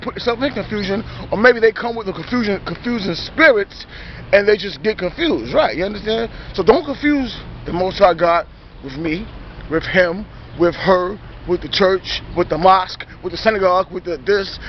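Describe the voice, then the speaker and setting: A man with a notably high voice delivers a loose, rambling sermon, circling back to the same points and checking in with listeners again and again. His sentences restart and correct themselves. The recording is dull and lo-fi, with a faint hum of noise behind him. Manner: repetitive, emphatic, keeps asking "you understand?". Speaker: lay preacher. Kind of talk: informal spoken preaching.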